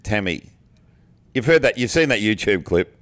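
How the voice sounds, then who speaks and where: A man's voice: lowish voice, animated, normal speed, a bit bright. A man in his sixties co-hosting a casual podcast chat, answering in short, laconic replies. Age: 60s. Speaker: podcast co-host.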